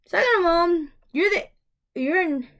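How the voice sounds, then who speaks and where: A woman's voice: very high-pitched, animated, measured pace, a bit bright. A young woman vlogger telling a personal story to camera, emotional and rambling, with many fillers and restarts.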